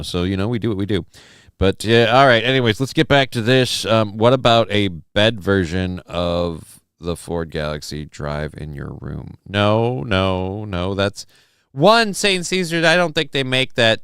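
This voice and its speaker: Host, young man, crude and sarcastic, smooth clean voice, dry close sound. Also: mid-range voice, expressive, normal speed, fairly bright tone, no room sound. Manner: profane, sarcastic, ranting. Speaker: livestream host reading chat. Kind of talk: crude casual streamer chat.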